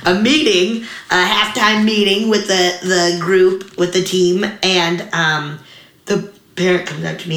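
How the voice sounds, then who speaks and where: A young woman chats through a memory on an interview show. Her voice sits a little low but sounds bright and forward. She pops into quick animated voices for the people she quotes, and the room leaves a roomy echo. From US mountain region. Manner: chatty, many likes, animated quoted voices. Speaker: guest comedian. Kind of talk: casual interview storytelling.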